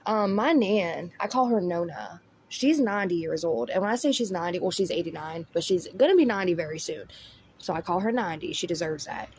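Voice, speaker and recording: A woman's voice: fairly low pitch, expressive, fairly quick, darkish tone, a little hiss or hum. A woman with a Southern US accent giving blunt, chatty commentary, often addressing viewers as y'all. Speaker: commentary host. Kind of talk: casual commentary.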